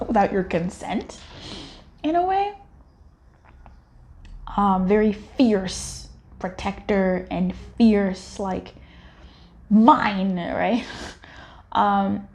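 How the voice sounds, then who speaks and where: A woman's voice: mid-range voice, gravelly, darkish tone. Chatty woman doing a tarot reading. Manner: chatty, rambling, lots of fillers and laughs. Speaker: tarot card reader. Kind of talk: casual tarot reading monologue.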